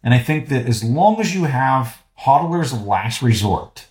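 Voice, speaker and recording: Male podcast guest, Southern US accent, mid pitch, emphatic and teasing, echoey room. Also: expressive, a little slow, a little mellow. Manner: emphatic and fired up, with a teasing edge. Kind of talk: casual podcast conversation.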